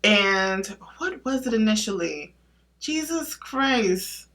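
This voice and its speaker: Bright-voiced woman vlogging emphatically. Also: mid-range voice, slow. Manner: emphatic, asks herself rhetorical questions and answers them; blunt and animated, with casual slang. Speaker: beauty vlogger. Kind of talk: casual opinion vlog.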